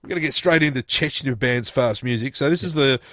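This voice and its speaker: A man's voice: mid-range voice, fairly quick, pushed and bright, no room sound, studio quality. A man presenting a radio show, chatting casually through odd news stories in a rambling, jokey way with lots of restarts. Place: radio studio.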